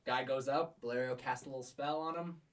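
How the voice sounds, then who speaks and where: A man's voice: medium pitch, fairly even intonation, fairly quick, distant mic. A man narrating a tabletop game as game master, rambling with many fillers. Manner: rambling, filler-heavy, frequent laughs.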